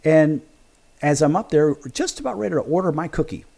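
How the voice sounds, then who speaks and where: Animated male talk-show host. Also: fairly high pitch, brisk, vocal fry. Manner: animated, acts out both sides of conversations. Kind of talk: casual storytelling monologue.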